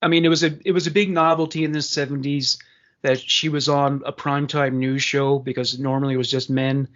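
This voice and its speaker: A man's voice: mid-range voice, little pitch movement, fairly quick, fairly bright tone. A man from Canada co-hosting a casual podcast, sarcastic and crude, reading out news stories. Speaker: podcast co-host. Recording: slightly dull lo-fi sound.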